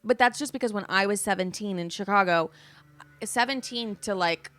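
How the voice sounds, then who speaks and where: A woman in her twenties hosting a podcast, casually telling candid stories with frequent swearing and animated retellings. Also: mid-range voice, moderate pace. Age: 20s. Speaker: podcast host. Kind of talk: casual storytelling chat.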